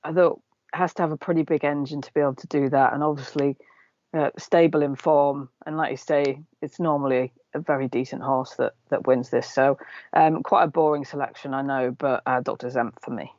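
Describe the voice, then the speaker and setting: A woman's voice: very deep voice, steady tone, brisk, darkish tone, no echo, lo-fi sound. A woman on a racing panel giving her pick in a thoughtful, hesitant way, with many ums. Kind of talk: casual racing tipster chat.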